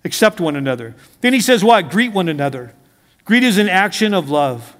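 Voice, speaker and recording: A man's voice: sits high, big pitch swings, moderate pace, fairly bright tone, in a large hall. A middle-aged male pastor preaching a conversational sermon, asking his congregation questions and mixing in humor.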